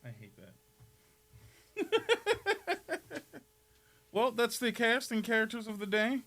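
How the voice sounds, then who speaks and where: A man hosting a comedy podcast while putting on a playful impression of a soft-spoken TV painter, laughing often. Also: sits high, fairly even intonation, normal speed, pitched above the performer's own voice. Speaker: podcast host. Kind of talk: comedic Bob Ross impression.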